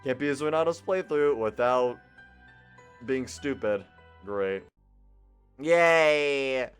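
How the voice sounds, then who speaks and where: A man's voice: medium pitch, takes it slowly, clean tone, soft background music. Goofy young man reading a game aloud. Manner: goofy, loud and sarcastic. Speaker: gaming channel host. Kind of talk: let's play reading a visual novel aloud.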